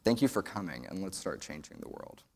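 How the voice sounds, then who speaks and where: A man's voice: low voice, very animated, fairly quick, heavy background noise. A young man from Texas, giving an earnest prepared speech at a summit and telling a folksy joke. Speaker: student speaker. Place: large event hall. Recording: long hall reverb.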